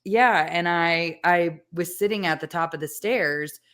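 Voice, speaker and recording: A woman's voice: on the low side, unhurried, fairly bright tone. A woman hosting a podcast, sharing a personal story in an earnest, emotional way. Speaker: podcast host. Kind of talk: conversational interview.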